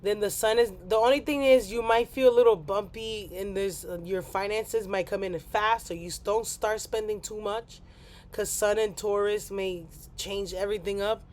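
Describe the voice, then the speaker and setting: A woman's voice: medium pitch, fairly even intonation, moderate pace, a little mellow, a little hiss or hum. Rambling woman hosting a livestream. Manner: rambling, playful, apologetic asides. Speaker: astrology livestream host. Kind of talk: casual livestream chat.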